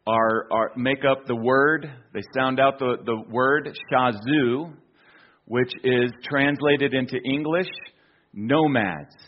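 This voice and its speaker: A man's voice: medium pitch, slow pace, highs cut off. A man from the United States giving a casual illustrated talk, telling a travel story with many fillers and restarts. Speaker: speaker presenting an archaeology slideshow.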